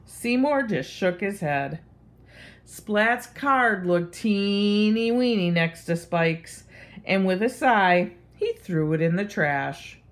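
A woman reading a picture book aloud to children. Her voice is sing-song and expressive, with a very lively pitch that rises and falls, and she takes her time over every line. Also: takes it slowly.

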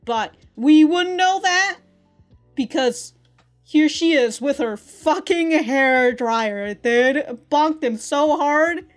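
A woman's voice: high-pitched, takes it slowly, faint music behind. Chatty, laughing woman reacting to anime. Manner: chatty, laughing often, swearing, acting out characters' lines. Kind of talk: casual reaction commentary. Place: in Japan.

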